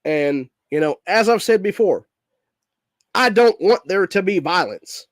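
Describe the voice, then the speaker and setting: A man's voice: high-pitched, expressive, measured pace, dry recording, studio quality. Sick, fuming man ranting with profanity. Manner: profane, heated, says dude constantly. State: sick, voice messed up. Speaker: political podcast host. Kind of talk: angry political rant.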